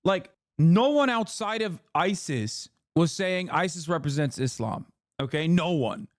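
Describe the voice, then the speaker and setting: Man, streamer, reaction commentary, profane, emphatic, higher voice, dry sound. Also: animated, a little slow, dry recording. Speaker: streamer host.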